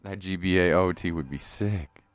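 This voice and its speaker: A man's voice: deep voice, normal speed, dry recording. A man streaming a video game, chatting casually and laid-back with his viewers. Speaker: gaming streamer. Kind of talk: casual live-stream chat.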